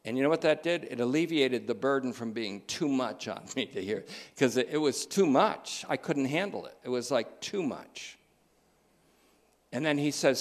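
A man's voice: mid-range voice, expressive, normal speed. Emphatic male preacher. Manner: emphatic, repeats key phrases, varies pace. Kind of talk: sermon.

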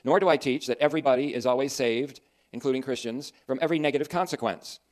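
A man delivers a sermon in an earnest, emphatic way. His voice sits at a middling pitch, and he drops in dry asides as he goes. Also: fast. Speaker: preacher.

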